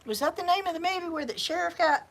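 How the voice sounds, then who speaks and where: A woman with a Southern US accent hosts a home craft livestream, chatting in a rambling way with repeated words and laughter. Her voice is extremely high and a bit bright, with vocal fry, and she talks fast.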